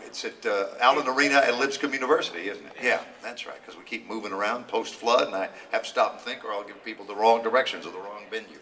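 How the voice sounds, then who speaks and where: A man hosting a radio show, briskly plugging events and asking his guest questions. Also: deep voice, bright, forceful tone, recorded from a distance, slight background noise. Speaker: radio host. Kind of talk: radio interview. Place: radio studio.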